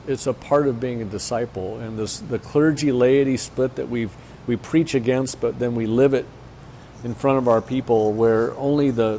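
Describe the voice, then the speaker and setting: A man's voice: mid-range voice, warm tone, slight background noise. A man speaking as a pastor and church planter at a conference, telling a personal story frankly with plenty of fillers.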